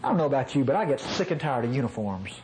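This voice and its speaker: A man's voice: mid-range voice, sing-song, racing, darkish tone, a little hiss or hum, low-quality recording. A man from North Mississippi with a nasal voice, preaching a conversational sermon in a folksy way, often chuckling at his own asides.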